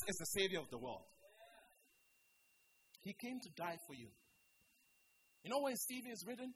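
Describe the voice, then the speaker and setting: A preacher giving a church sermon to the congregation, swinging between loud exhortation and quiet pleading. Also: medium pitch, big pitch swings, normal speed, long pauses, background noise. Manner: addresses the congregation directly with repeated calls. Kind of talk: sermon with altar call. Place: church service.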